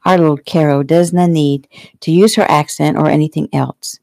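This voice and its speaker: A woman reading the part of a gentle, forgetful Irish woman friend in a storybook. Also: low-pitched, steady tone, normal speed, vocal fry, no echo.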